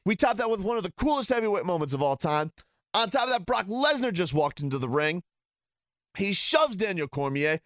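A man's voice: high voice, sing-song, brisk, a bit bright, no room sound, clean studio sound. A man ranting heatedly and sarcastically as a sports talk host.

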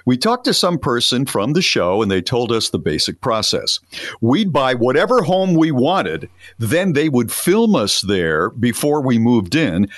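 A man's voice: medium pitch, a bit bright, no room sound. A man co-hosting a podcast, reading listener stories in a plain, matter-of-fact way. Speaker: podcast co-host.

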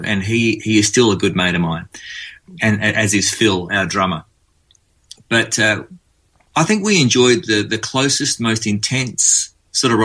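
An Australian man telling stories as an interview guest, in a low, rather bright voice. He talks in a relaxed, rambling way, with plenty of ums and asides. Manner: easygoing, rambling storyteller with fillers. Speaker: musician guest. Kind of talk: casual interview chat.

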